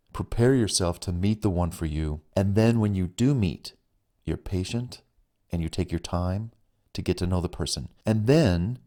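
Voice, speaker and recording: A man's voice: lowish voice, dark tone. A man narrating his own romance audiobook in an earnest, conversational way. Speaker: author and narrator.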